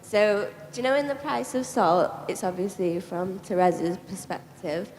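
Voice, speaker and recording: A woman's voice: medium pitch, measured pace. Teary, giggly woman fan asking a question. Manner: excited, giggly, says "like" a lot. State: teary with happiness. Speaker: audience member asking a question. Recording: reverberant festival tent, faint noise.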